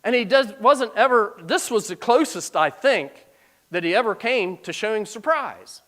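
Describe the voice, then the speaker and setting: A middle-aged man preaches with a lively, swooping delivery, his pitch rising and falling as he reads. He moves between formal scripture reading and plain, conversational asides, in a voice set a little higher than most men's. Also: normal speed. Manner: animated, breaks into plain-spoken asides between archaic scripture. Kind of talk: sermon, reading and explaining scripture.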